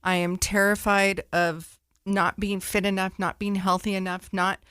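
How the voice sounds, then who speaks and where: A woman's voice: mid-range voice, level tone, normal speed, fairly bright tone, smooth, dry recording, studio quality. A woman hosting a podcast interview, talking openly and personally about her own fears. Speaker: podcast host. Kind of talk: casual interview chat.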